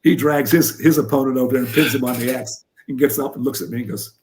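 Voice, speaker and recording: An older man from Pennsylvania, a former wrestler and coach, telling stories in an interview with lively energy. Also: mid-range voice, fast talker. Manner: animated storyteller who acts out what others said. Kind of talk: storytelling in an interview.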